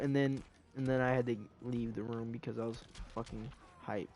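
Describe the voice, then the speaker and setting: Excitable man in casual chat. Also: medium pitch, fairly quick, hardly any pauses, slight background noise. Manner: excitable storyteller, swears often. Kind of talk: casual chat among friends.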